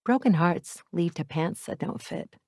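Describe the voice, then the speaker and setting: A woman reads a first-person romance audiobook with a candid, self-mocking wit. Her voice is somewhat low, and the recording is dry with no room sound. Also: expressive, unhurried, creaky, no echo. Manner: wry, candid, self-deprecating. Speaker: audiobook narrator.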